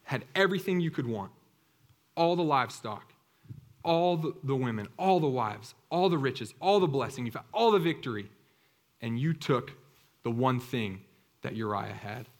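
A man voicing a stern male prophet who confronts a king, speaking emphatically in his own mid-pitched voice. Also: expressive, moderate pace, lightly acted. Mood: accusing. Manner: emphatic, accusing.

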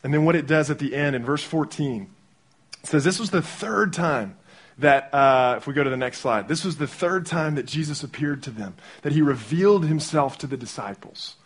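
A young male pastor preaches in a loose, chatty way, jumping into little acted-out voices to make his point. His voice sits a touch high for a man and has a husky edge to it. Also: normal speed. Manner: animated, conversational, acts out quotes. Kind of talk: sermon.

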